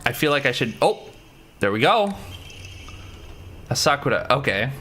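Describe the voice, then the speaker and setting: A man's voice: medium pitch, very animated, normal speed, bright, forceful tone, slight background noise. A man casually commentating a game stream, chatty, swearing and answering his chat.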